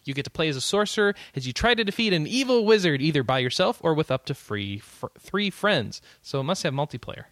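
A man's voice: fairly high pitch, sing-song, brisk, few pauses, fairly bright tone, dry recording. Chatty man giving game news. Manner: chatty, laughs often, trails off with fillers. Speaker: podcast co-host. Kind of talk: casual chat presenting game news.

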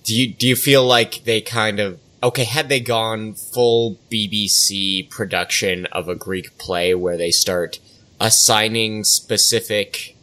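A man with a somewhat low voice, chatting casually on a podcast. He asks long, winding questions and thinks aloud as he goes. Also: fairly even intonation, unhurried, bright, forceful tone. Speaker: podcast panelist. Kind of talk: casual chat.

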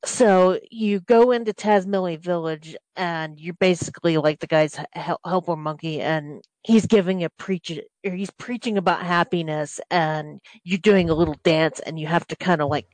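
A woman's voice: fairly low pitch, no echo, poor audio. A woman casually recapping a video game's story on a podcast, rambling with many restarts and fillers. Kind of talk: casual game plot recap.

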